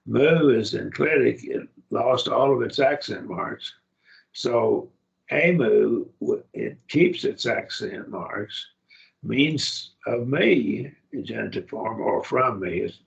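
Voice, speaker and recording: A man's voice: medium pitch, lively intonation, slow, creaky, dull audio. A man teaching a Greek grammar class, explaining patiently and often checking that students follow.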